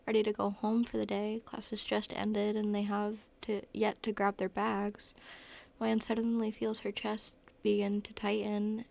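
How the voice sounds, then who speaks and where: A woman's voice: mid-range voice, creaky. A woman narrating a fan fiction story aloud, often correcting herself mid-sentence. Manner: even storytelling with frequent self-corrections.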